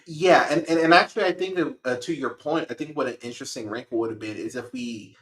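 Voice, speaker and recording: A man hosting a podcast, reviewing a movie in casual chat with animated, profane rants. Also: medium pitch, fast, echoey room, poor audio. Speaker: podcast host.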